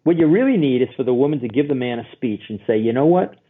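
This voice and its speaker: A husky-voiced man speaks over a thin, phone-like line from a remote call. He explains things as a guest therapist, telling little stories and acting out the people he quotes. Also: mid-range voice, very fast. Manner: acts out quoted voices, animated storytelling. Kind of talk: expressive explaining.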